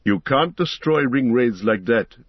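A man voicing an ancient male wizard, speaking in a grave, measured and authoritative way. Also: mid-range voice, lively intonation, no room sound, dull audio.

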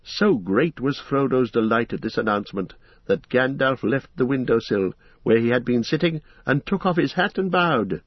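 Male storybook narrator, husky, calm and even, dry dull recording. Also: medium pitch, moderate pace, no room sound. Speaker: audiobook narrator. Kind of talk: scripted narration.

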